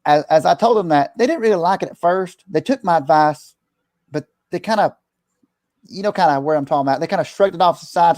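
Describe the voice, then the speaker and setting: A man's voice: fairly high pitch, quick pace, a little mellow, dry recording, clean studio sound. A middle-aged man, a preacher, talking earnestly in casual conversation, rambling with restarts and slipping into preachy advice.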